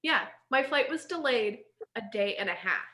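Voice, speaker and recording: Woman, 30s, slightly high bright voice, rambling storyteller, echoey room. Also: normal speed. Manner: rambling, animated, laughs often. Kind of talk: casual storytelling chat.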